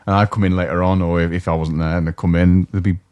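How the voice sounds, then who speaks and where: Deep fast-talking man. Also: level tone, a little mellow, dry recording, muffled recording. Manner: rambling storyteller, acts out voices of people he describes. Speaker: podcast co-host. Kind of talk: casual chat. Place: indoor podcast studio.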